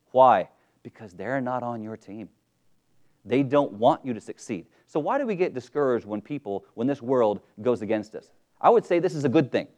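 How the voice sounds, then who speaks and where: A man's voice: mid-range voice, darkish tone. A man preaching a sermon in a conversational way, reading scripture and asking and answering his own questions. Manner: conversational, asks questions and answers them himself; quotes scripture and acts out voices of other people.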